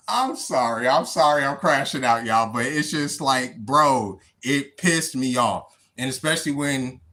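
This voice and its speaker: Man from the US, unscripted livestream monologue; very animated pitch, heavy profanity, words repeated as he pushes his point. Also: slow pace. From United States. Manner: emphatic, swears constantly, repeats words.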